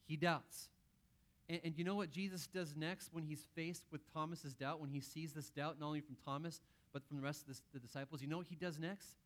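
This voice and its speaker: A man's voice: on the high side, normal speed. A man preaching a conversational sermon, acting out quotes with playful asides. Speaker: pastor.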